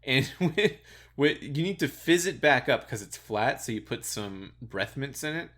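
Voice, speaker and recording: A man in an easygoing podcast chat, his voice at a middling pitch. He sounds amused and loose, trailing into chuckles and restarts as he thinks aloud. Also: a little slow. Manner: relaxed and amused, chuckles often, hesitant restarts. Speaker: podcast co-host. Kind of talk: casual chat.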